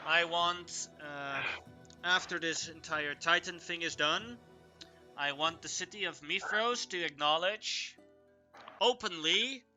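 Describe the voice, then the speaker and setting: A man voicing a proud king of an island of exiles who negotiates firmly, halting on fillers. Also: fairly high pitch, pushed and bright, heavily acted. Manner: bargaining firmly with hesitant fillers.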